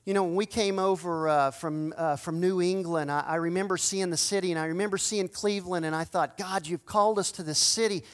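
Male pastor, fervent sermon delivery, swings from hushed to loud. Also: high voice, steady tone, a little fast, few pauses. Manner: impassioned preaching, swinging from loud cries to hushed pleading.

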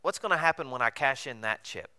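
A male pastor delivering a sermon in a conversational, animated way, full of rhetorical questions. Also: mid-range voice, fast, clean tone.

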